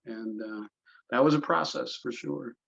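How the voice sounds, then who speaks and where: A man's voice: medium pitch, a little slow, creaky, a bit bright, slightly rough, dull audio. Rambling middle-aged man telling stories. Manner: rambling storyteller, many fillers and restarts. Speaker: golf course superintendent. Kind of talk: casual podcast interview.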